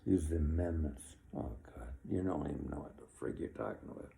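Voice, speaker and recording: A man's voice: rumbling low, fairly quick, creaky, dark tone, slight background noise. A man in his sixties giving an opinionated, rambling monologue, with chuckles between his complaints. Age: 60s.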